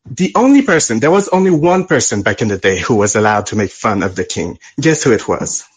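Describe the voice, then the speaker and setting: Animated husky man with French accent. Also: fairly low pitch, a little fast. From France. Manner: animated, playful and blunt, laughs often. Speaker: caller. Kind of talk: call-in opinion.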